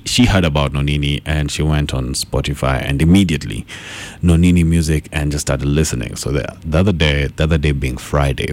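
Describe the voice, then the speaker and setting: A very deep-voiced man, talking on air as a radio DJ. He tells chatty stories between songs with playful asides, and his voice drops well below most men's. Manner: animated storytelling, playful asides.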